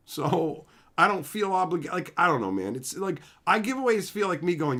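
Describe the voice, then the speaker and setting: A man's voice: a little high, sing-song, normal speed, few pauses, a bit bright. A young man hosting a livestream, ranting in a brash, profane, swaggering way. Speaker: livestream host. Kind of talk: casual livestream rant.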